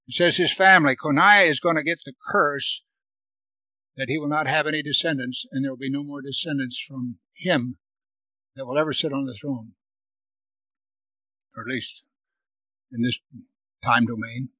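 A man teaches verse by verse through a Bible passage, reading each verse louder and higher with force, then commenting and repeating words for emphasis. His tone is steady and his speed normal, with frequent pauses. The recording is low quality, with no room sound.

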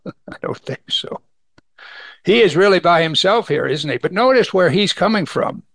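Gravelly man preaching a Bible sermon. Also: sits high, animated, normal speed, a bit bright, no room sound. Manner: reads scripture aloud and comments conversationally.

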